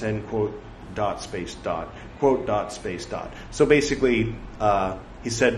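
A man reading scripture aloud, saying the quotes and punctuation out loud and breaking off for chatty side remarks. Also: lowish voice, lively intonation, slow. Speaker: scripture reader. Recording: echoey room with faint background noise.

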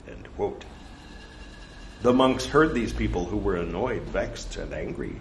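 Man, unhurried scripture reading, lively swooping delivery, wry digressions, echoey room with faint hiss. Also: fairly low pitch. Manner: deliberate, dramatic emphasis; playful, self-mocking digressions. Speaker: scripture reciter.

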